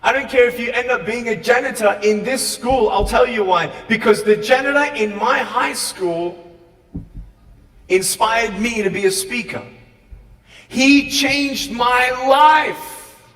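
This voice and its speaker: An Australian man giving an animated motivational speech to a school audience, swinging between quiet talk and shouting. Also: high-pitched, moderate pace. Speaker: motivational speaker. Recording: echoey hall, far from the mic.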